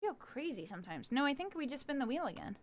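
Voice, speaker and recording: Bubbly high-voiced young woman streamer. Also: sing-song, fast talker, no room sound. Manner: bubbly, giggly, talks to chat and plays a cutesy puppy-girl persona. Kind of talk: casual live-stream chat.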